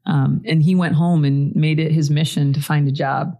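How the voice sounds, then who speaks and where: Relaxed, reflective woman in her forties from Colorado; low, warm delivery as a podcast guest. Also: normal speed. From Colorado, USA. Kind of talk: casual storytelling chat.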